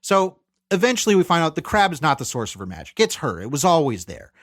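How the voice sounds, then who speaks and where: A fairly high-voiced man co-hosting a movie review podcast, talking casually and acting out characters' lines as he retells scenes. The sound is dry and close to the mic. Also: wildly swooping pitch, fast, fairly bright tone, no echo. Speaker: podcast co-host.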